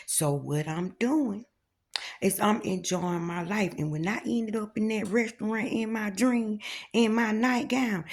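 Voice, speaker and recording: Woman vlogger, casual and folksy, speaks directly to her audience. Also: medium pitch. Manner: chatty, folksy, addresses viewers as y'all. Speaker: spiritual vlogger. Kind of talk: casual talk to camera.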